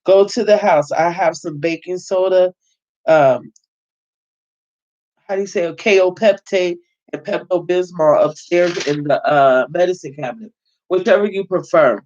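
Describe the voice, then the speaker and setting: A man's voice: high voice, measured pace, a little mellow, lo-fi sound. A man voicing a caring, motherly woman community leader who speaks in a soothing, concerned way.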